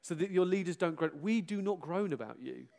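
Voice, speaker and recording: A middle-aged pastor giving an animated, self-mocking farewell address to his church, breaking into loud exclamations and laughter. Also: sits high, brisk, creaky.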